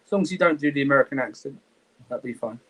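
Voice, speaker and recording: A man's voice: medium pitch, racing, poor audio. Mock-grumpy man on a podcast. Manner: mock-grumpy, scolding chat. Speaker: podcast panelist. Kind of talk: casual football podcast chat.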